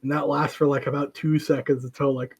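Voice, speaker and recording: A young man casually chatting about a comic book, chiming in with quick remarks and jokes. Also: fairly high pitch, flat delivery, a little hiss or hum. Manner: chimes in with quick agreements and jokes. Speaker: podcast co-host.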